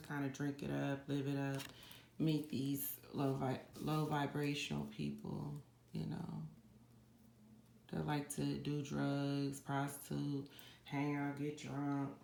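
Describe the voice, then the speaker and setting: A woman's voice: low-pitched, creaky. A woman giving a psychic card reading, chatting casually and directly to her viewers. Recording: echoey room with steady background noise.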